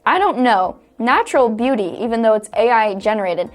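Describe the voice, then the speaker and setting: A woman's voice: on the high side, lively intonation, a little fast. A young woman hosting a casual screen-recorded tutorial, upbeat and chatty, laughing often. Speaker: online tutorial host.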